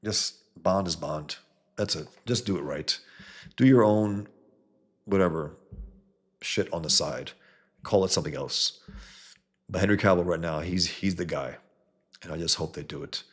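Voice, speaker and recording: Brief: male host, low and husky, blunt profane opinion talk with viewers. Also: a little slow, pauses often. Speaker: show host reading viewer comments. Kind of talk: casual opinionated commentary.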